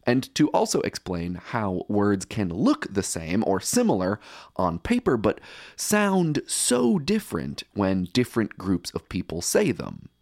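A man's voice: on the low side, wildly swooping pitch, unhurried, vocal fry, darkish tone, no room sound, clean studio sound. A man hosting a podcast, reading wry, playful scripted narration. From United States. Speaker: podcast host.

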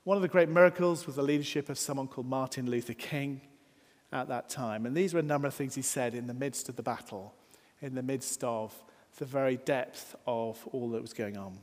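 A man's voice: medium pitch, brisk. Earnest male preacher in a reverberant hall. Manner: earnest, builds emphasis with rising lines then drops soft. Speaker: pastor. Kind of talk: sermon.

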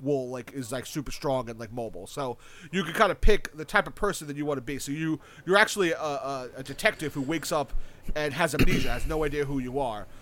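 A man's voice: mid-range voice, fairly bright tone. A young man in casual chat, rambling enthusiastically with lots of fillers, restarts and casual swearing. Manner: enthusiastic about a video game.

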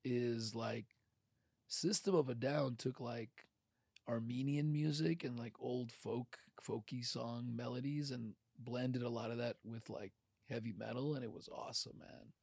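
A man's voice: mid-range voice, fairly even intonation, a little slow, gravelly, darkish tone, breathy edge, no room sound, studio quality. A man from Ukraine talking in a loose, rambling podcast chat, full of fillers. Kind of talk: casual chat.

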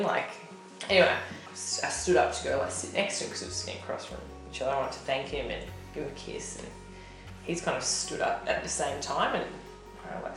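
Young woman, chatty storyteller, low voice, echoey room, music under it. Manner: chatty, heavy on filler "like". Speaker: interviewee telling her love story. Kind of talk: candid personal storytelling. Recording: roomy echo with music bed. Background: soft instrumental music.

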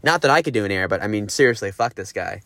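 A man's voice: on the low side, expressive, fast, a bit bright, no echo. A young man from Los Angeles telling a surf story in a grumpy, profane, rambling way. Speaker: caller confessing a surf story. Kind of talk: casual storytelling.

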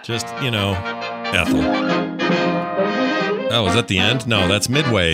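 A man's voice: fairly low pitch, measured pace, pauses often, loud music behind the voice. A man giving casual reaction commentary on an old sitcom, wry and sarcastic with chuckling asides. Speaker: reviewer watching an old sitcom.

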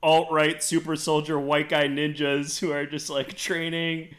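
A man's voice: on the high side, little pitch movement, unhurried, a bit bright. A man co-hosting a podcast, talking in a rambling, sarcastic way full of "like" fillers and swearing. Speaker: podcast co-host. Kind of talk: casual chat.

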